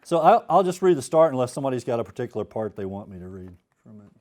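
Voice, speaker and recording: A man's voice: medium pitch, very animated, racing, a little mellow. A man telling a casual, profane anecdote and reading his fiction aloud to an audience. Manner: casual, profane and self-mocking, laughs at his own stories.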